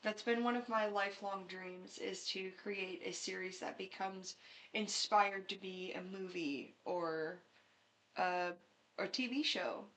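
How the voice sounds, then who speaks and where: Young female co-host, crisp bright tone, earnest and easygoing, laughs easily. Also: medium pitch, steady tone, takes it slowly. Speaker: podcast co-host. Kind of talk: casual chat.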